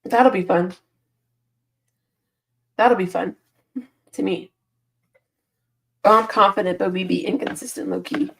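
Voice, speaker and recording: A woman's voice: mid-range voice, a little slow, gravelly, pauses often, a bit bright. A woman hosting a casual live stream, reading viewer comments aloud and answering them with frequent laughs, sleepy and yawning. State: sleepy, yawning early in the morning. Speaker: football channel host reading live chat.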